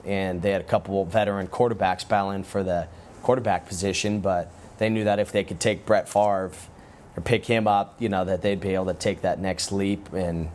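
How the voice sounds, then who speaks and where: Deep-voiced man telling relaxed stories. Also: a little fast, a little hiss or hum. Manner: relaxed, rambling with frequent restarts. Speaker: guest, former pro football player. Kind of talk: casual interview storytelling.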